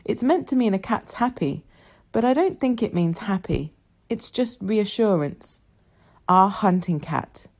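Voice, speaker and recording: A woman reading a novel aloud in the first person, soft and reflective. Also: medium pitch, animated, a little slow. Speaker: audiobook reader.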